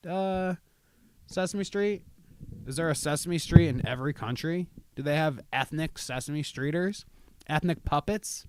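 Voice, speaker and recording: A man's voice: fairly high pitch, a little mellow. A young man hosting a casual livestream podcast, ranting sarcastically with lots of swearing. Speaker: podcast host.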